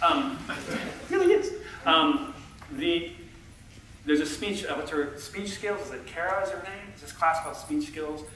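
A man's voice: big pitch swings, a little slow, long pauses, bright, forceful tone, slight background noise. Chatty man speaking from a stage. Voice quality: low talker. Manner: self-deprecating, chatty, talks with the audience. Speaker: conference speaker. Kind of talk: conference talk. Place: conference stage. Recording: echoey hall, heard from far off.

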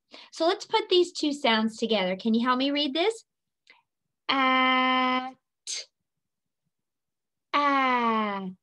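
A woman's voice: high voice, fairly bright tone. A woman teaching phonics to young children, patiently sounding out letters, repeating them and cheering the listener on. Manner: encouraging, playful sing-song prompts.

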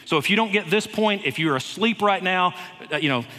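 A man preaching a sermon in a church, earnest and unhurried, with light touches of humor. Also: sits high, expressive, bright, forceful tone. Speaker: head of school preaching. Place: church sanctuary. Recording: long reverb of a church hall.

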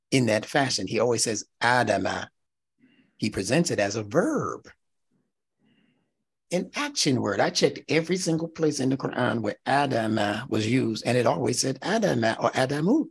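With a creaky, slightly rough, mid-range voice, a middle-aged man lectures his class. He is animated and teacherly, rising to emphatic peaks and repeatedly asking "right?" to check on his listeners.

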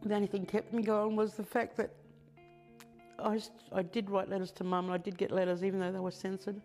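An older Australian woman quietly recalling her past in a documentary interview, halting and reflective. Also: medium pitch, little pitch movement, soft background music.

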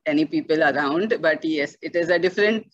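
A woman's voice: low voice, fairly quick, no echo, highs cut off. Woman giving an online lecture, dry sound. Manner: explanatory, frequent "okay" and "uh" fillers, restarts. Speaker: lecturer on bioethics. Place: home or office, virtual webinar. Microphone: computer mic on a video call.

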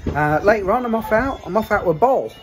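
Over music, a middle-aged father chats a little fast to camera outdoors in his home garden for a family vlog. He teases his kids and pets in a chatty way, his voice swinging up into a lively, high sing-song.

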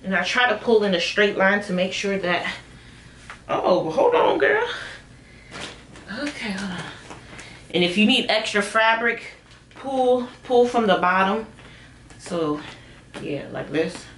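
A young woman talks through a clothing try-on, chatty and animated, breaking into high squeals when excited. Her voice sits at a middle pitch. The room is echoey, with faint noise in the background. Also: unhurried, pauses often. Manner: chatty, addresses viewers as girl and y'all. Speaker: beauty vlogger reviewing shapewear. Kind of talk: casual try-on haul.

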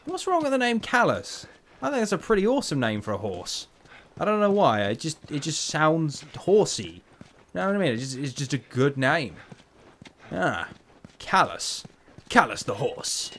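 A man's voice: fairly high pitch, huge pitch swings, moderate pace, fairly bright tone, a little hiss or hum. Playful man narrating a game. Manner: playful, chatty, jokes to himself. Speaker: gamer. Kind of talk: let's play commentary.

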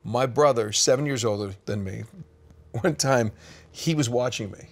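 A middle-aged man co-hosting a casual video game chat, telling an animated story and acting out the people in it. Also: medium pitch, normal speed, faint music behind. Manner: animated storyteller who acts out the people in his stories. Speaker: co-host.

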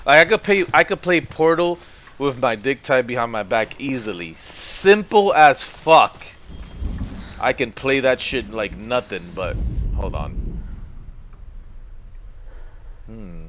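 A male streamer narrates a playthrough in an excitable, jokey voice, swearing freely. Loud game rain hisses behind him. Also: medium pitch. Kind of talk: let's-play commentary.

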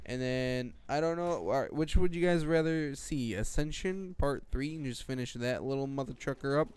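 A man's voice: medium pitch, moderate pace, a little mellow, clear, resonant tone. A teenage boy giving rambling, jokey gameplay commentary late at night, swearing and jumping between topics. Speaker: gaming commentator.

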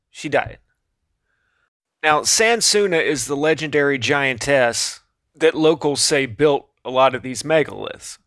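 A man's voice: a little high, a bit bright, no echo, clean studio sound. A man casually narrating a video, with offhand, sarcastic asides.

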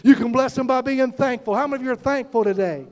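Fervent high-voiced preacher. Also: male voice, fast. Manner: fervent, calls out to the congregation. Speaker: pastor. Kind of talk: sermon.

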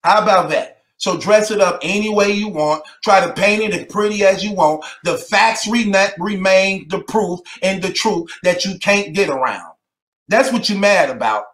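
A man's voice: sits high, normal speed, a bit bright, reverberant. A man delivering a mocking rant to the camera, taunting and repeating his jabs and breaking into laughter between them.

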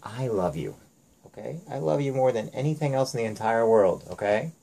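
Dad, earnest and firm, mid-pitched voice, lecturing his child at home. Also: animated, moderate pace, creaky, dark tone, rough recording. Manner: firm, lecturing, repeats "okay?". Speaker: father. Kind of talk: earnest talk with his young daughter.

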